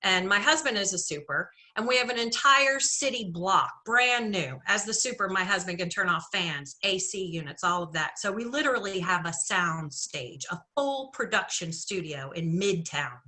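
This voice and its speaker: Bright-voiced woman telling her story. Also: medium pitch, moderate pace, few pauses. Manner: playful, animated, conversational asides to the audience. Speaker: solo show performer. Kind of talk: theatrical storytelling monologue.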